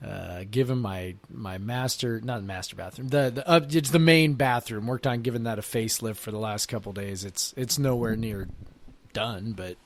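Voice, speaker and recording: A man's voice: lowish voice, normal speed. A tired man co-hosting a casual sports podcast from his basement, talking in a meandering way with frequent fillers that trail off. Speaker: podcast co-host. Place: home basement.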